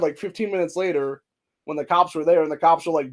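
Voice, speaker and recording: A man's voice: fairly high pitch, expressive, quick pace, a little mellow. A man hosting a political show, ranting heatedly and swearing constantly about local politicians. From Ohio. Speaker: podcast host. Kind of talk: angry political rant. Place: studio.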